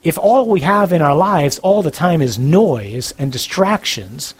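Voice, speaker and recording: Give me a husky-voiced man preaching as a priest, blunt and animated, voice sitting a bit high. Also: measured pace, poor audio. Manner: earnest, direct, animated with bursts of humor. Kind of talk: sermon talk on relationships.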